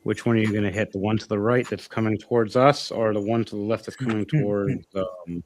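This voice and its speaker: Animated man running a tabletop game. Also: lowish voice, slight background noise. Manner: animated, halting with fillers. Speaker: game master.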